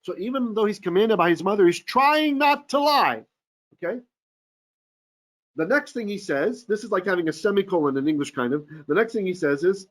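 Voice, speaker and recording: A man's voice: high-pitched, lively intonation, brisk. A man teaching a verse-by-verse Torah class, reading Hebrew aloud and then explaining it eagerly, often checking in with his listeners.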